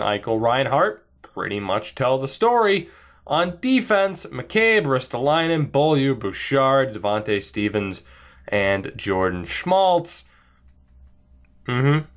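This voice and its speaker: Man, gaming host, sarcastic self-mocking commentary, animated delivery, desk mic indoors. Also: mid-range voice. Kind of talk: video game commentary. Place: indoor room by a wall. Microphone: desk mic facing camera.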